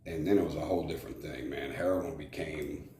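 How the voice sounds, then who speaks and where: A man's voice: a bass voice, fairly even intonation, a little fast. A man from Arizona, a former prison shot caller, telling his life story frankly in an interview, rambling with fillers and restarts. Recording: echoey room with faint noise.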